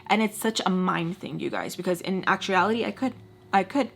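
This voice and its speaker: A woman's voice: medium pitch, a little fast, vocal fry. A woman telling a personal storytime to camera in a casual way, swearing freely and acting out the people in her story. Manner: expressive, swears freely, acts out scenes with quoted voices. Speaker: storytime vlogger.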